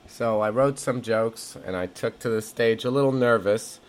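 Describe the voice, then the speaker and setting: A man's voice: mid-range voice, moderate pace. A man narrating his own comic story in a wry, rambling, self-deprecating way. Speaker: comedian telling his story.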